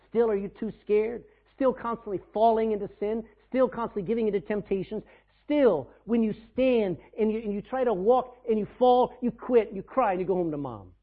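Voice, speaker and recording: A man's voice: sits high, narrow, tinny audio. A man preaching a sermon as pastor, emphatic, asking the congregation questions and pushing for answers.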